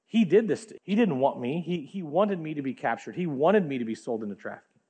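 A man's voice: a little high, lively intonation, brisk, mellow, slightly rough. A preacher voicing an ashamed, broken young woman. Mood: self-loathing.

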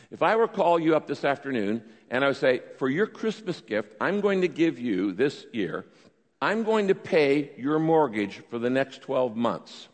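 A man preaching a sermon, teaching emphatically and dropping now and then to a low, quiet tone. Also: in a large hall. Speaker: pastor.

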